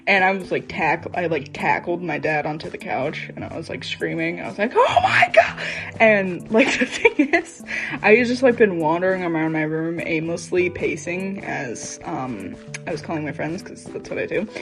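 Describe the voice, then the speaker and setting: Rambling, excitable teenage girl over music. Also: fairly low pitch, moderate pace, rough recording. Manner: rambling and excitable, heavy on fillers. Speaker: vlogger. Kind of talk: casual chat over gameplay. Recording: background music playing. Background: background music.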